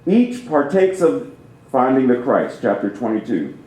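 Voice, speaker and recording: A man's voice: mid-range voice, sing-song, a little slow, mellow. A man preaching as a guest minister, talking with theatrical emphasis and playing with how he phrases things. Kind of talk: sermon. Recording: roomy church reverb.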